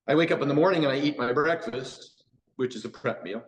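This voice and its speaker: A man's voice: mid-range voice, fairly quick, poor audio. An American man, a podcast guest, telling stories casually with many "you know" asides and restarts. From United States. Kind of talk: casual storytelling in a podcast interview.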